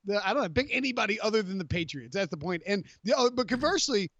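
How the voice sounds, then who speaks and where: A man hosting a sports podcast in casual chat, animated and rambling, full of fillers and self-corrections. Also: high voice, fast talker, no room sound. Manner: animated, rambling, jokey with many fillers and restarts. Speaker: podcast host. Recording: dry, slightly dull podcast audio.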